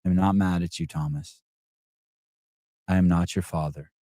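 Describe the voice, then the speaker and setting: A man's voice: deep voice, steady tone, moderate pace, mellow, no room sound, studio quality. A man hosting a live call-in podcast, rambling in a sarcastic, profane way. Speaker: podcast host.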